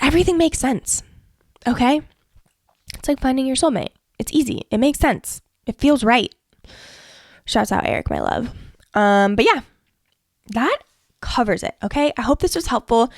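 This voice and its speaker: A woman's voice: a little high, no echo, studio quality. Frank, profane woman podcast host. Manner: frank and profane, peppered with "like" and "okay". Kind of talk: casual motivational podcast monologue.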